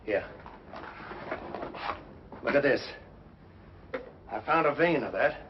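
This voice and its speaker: An actor playing a grizzled, gruff but tender old gold prospector with a folksy frontier drawl, in a 1950s film. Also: male voice, mid-range voice, lively intonation, takes it slowly, a little hiss or hum. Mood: excited. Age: older. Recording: dull old film soundtrack with music.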